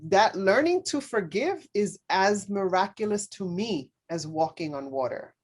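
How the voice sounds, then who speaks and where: A woman speaking as a podcast guest, telling a personal story in earnest, halting speech full of fillers and restarts. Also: medium pitch, lively intonation, a little mellow. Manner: earnest, speaks openly about faith.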